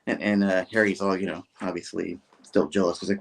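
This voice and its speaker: A man's voice: low voice, fairly quick, vocal fry. A man hosting a show, casually recapping a story with lots of fillers. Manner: animated, full of fillers. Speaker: host.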